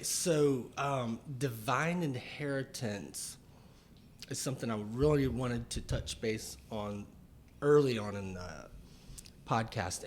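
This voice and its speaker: Man explaining slowly, with pauses. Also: medium pitch, slight background noise. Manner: slow, deliberate explaining with pauses and fillers. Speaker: chiropractor and author. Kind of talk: casual podcast conversation.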